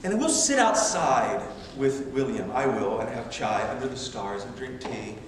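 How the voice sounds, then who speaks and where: Animated preacher in an echoey hall. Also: male voice, mid-range voice, measured pace, recorded from a distance, a little hiss or hum. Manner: animated, emphatic, self-deprecating humor. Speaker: missionary preacher. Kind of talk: sermon. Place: large church sanctuary. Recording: echoey church hall from afar.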